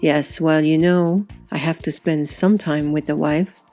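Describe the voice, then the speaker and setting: A woman's voice: sits low, steady tone, measured pace, warm tone, faint music behind. A woman voicing a wry wealthy husband with a dry, offhand delivery.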